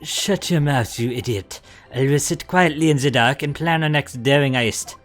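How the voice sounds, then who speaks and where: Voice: mid-range voice, normal speed, soft background music, lightly acted. Streamer doing a boastful Italian boy. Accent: put-on Italian. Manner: hammy and boastful. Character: cocky young boy thief, bossy.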